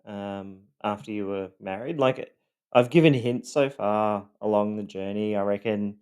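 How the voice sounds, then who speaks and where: A man's voice: on the low side, a little slow, a little mellow, clear, resonant tone. A man with an Australian accent, telling his own story in a loosely scripted monologue, rambling with many ums and a wry, self-deprecating edge.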